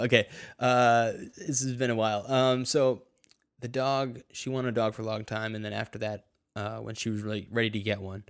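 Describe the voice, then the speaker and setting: Halting young man, dry close sound. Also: fairly low pitch, clear, resonant tone, dry recording. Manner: halting, many fillers and restarts, swears, grows heated. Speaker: guest telling his story. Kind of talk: casual conversation.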